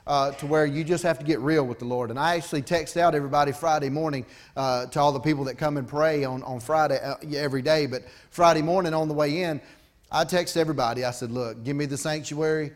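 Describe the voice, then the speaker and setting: A man's voice: on the high side, fairly even intonation, quick pace. A middle-aged pastor, preaching a folksy, conversational sermon with asides to his congregation.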